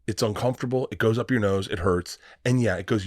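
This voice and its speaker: A man who is a comedian guest on a podcast, telling stories in a casual, animated way, acting out the voices in his stories and swearing freely. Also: fairly low pitch, fast, no room sound, clean studio sound. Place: podcast studio.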